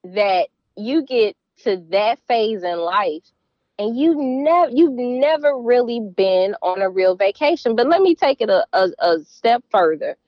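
A woman's voice: fairly high pitch, animated, a little slow, no echo, highs cut off. A middle-aged woman with a Southern US accent, a guest in a casual interview, speaking earnestly and emphatically. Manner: earnest, emphatic, warm laughs.

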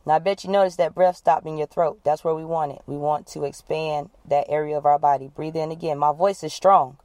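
A woman coach leading listeners through a guided breathing exercise, giving calm, repeated instructions. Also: sits low, brisk, dry recording. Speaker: wellness coach.

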